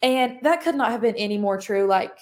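A woman's voice: a little high, lively intonation, brisk, darkish tone. A young woman, sharing her testimony as a podcast guest in a casual, chatty way full of "like". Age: young adult. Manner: chatty, heavy use of "like" fillers.

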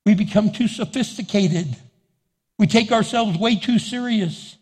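A man's voice: sits high, unhurried, darkish tone, husky. A male pastor preaching a sermon, calling out questions to the congregation. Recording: long church reverb.

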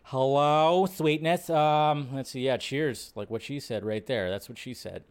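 A man's voice: mid-range voice, measured pace, clean tone. A man hosting a casual livestream, chatting with viewers and reading their messages aloud. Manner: chatty, greets viewers and reads chat aloud; talks to himself while fixing his setup. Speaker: livestream host. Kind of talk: casual live-stream chat.

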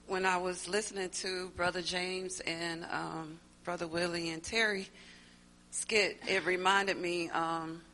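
A woman from a church group speaks very slowly in a fairly low but bright voice. She shares her story thoughtfully and pauses now and then. Her delivery is casual and unscripted. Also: poor audio. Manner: slow, thoughtful, hesitant with fillers. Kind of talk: casual spoken testimony.

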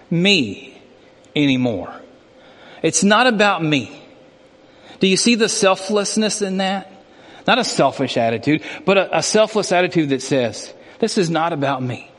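A man delivers a sermon as a pastor, his voice pitched high for a man. He preaches in earnest, dropping low and slow for quiet points and then speeding up with rising passion. His words ring out with a long reverb, as in a large hall. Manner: earnest preaching, swings from hushed to impassioned.

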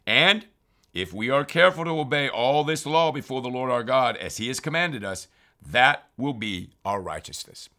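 In a devotional Bible teaching, a man reads scripture aloud and then reflects on the verses, often saying "remember." His mid-range voice has lively intonation and a sharp tone, at a moderate pace.

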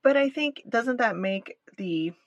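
A woman's voice: a little high, expressive, unhurried, no room sound, muffled recording. A woman co-hosting a podcast, speaking candidly and emphatically in casual chat. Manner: candid and emphatic, with nervous laughs. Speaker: podcast co-host.

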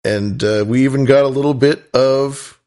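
A man's voice: mid-range voice, steady tone, moderate pace, a little mellow. A man from the US West Coast hosting a podcast, chatting casually in a rambling, playful way with many restarts. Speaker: podcast host. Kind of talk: casual chat.

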